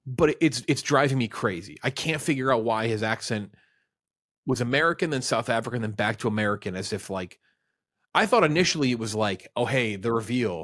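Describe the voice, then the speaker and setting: A man co-hosting a casual movie review chat, ranting in an animated, exasperated way. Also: mid-range voice, no echo, studio quality. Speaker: podcast co-host.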